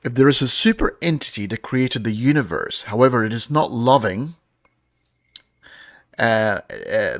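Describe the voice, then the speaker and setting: A man in a casual podcast discussion, explaining an argument in a halting way with many fillers and restarts. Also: mid-range voice, no room sound, clean studio sound.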